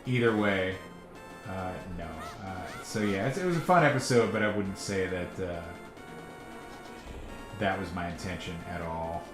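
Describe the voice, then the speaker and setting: The creator of a cartoon tells stories in casual, chatty conversation, an animated storyteller who laughs often. He has a low voice at normal speed and pauses frequently. The recording has a roomy echo and faint music.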